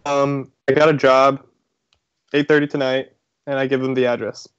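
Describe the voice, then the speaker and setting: Smooth-voiced man playing a tabletop game. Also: medium pitch, flat delivery, moderate pace, dull audio, faint music behind. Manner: easygoing, brief replies. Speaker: player. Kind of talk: casual tabletop play.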